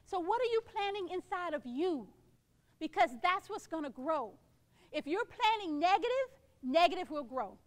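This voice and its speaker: A woman's voice: extremely high pitch, big pitch swings, normal speed. A middle-aged woman giving a motivational keynote to staff, encouraging and playful, acting out little quoted voices. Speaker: keynote speaker.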